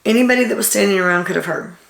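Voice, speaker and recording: Chatty woman with a gravelly voice. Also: medium pitch, very fast. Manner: chatty storytelling, reads out quotes with filler ums. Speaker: reality TV recap vlogger. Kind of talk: casual episode recap. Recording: echoey room.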